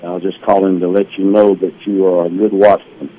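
Quick low-voiced pastor on a phone line. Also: male voice, little pitch movement. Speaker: pastor calling in. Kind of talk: phone call to a radio show.

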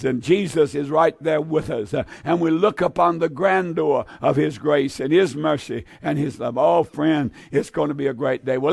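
A man's voice: a little high, creaky, no room sound, studio quality. An older man preaching a fervent sermon with an altar call, pleading with many "uh" fillers and sometimes drifting into song.

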